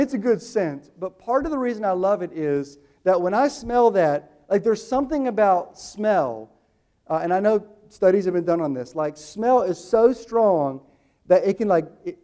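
Male pastor, fairly high voice, sermon, loud slow emphasis then quiet fast asides. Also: animated. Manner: swings from loud slow emphatic quotes to quick hushed asides.

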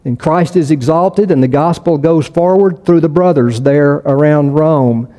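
Mellow-voiced male pastor in a reverberant hall. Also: on the high side, measured pace. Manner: conversational, with frequent restarts and repetition for emphasis. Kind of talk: sermon.

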